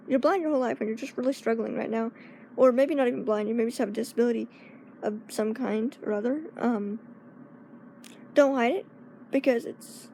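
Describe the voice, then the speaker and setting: A young woman talking casually to her viewers in a personal vlog, halting and searching for words, often laughing. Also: a little high, creaky, dark tone, a little hiss or hum. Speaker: vlogger.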